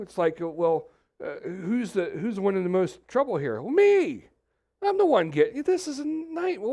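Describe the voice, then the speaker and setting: A man preaching from the pulpit, his voice sitting a little higher than most men's. He rambles off track and jokes with the congregation before circling back to his point. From Texas. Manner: rambling, joking asides. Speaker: pastor. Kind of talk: sermon.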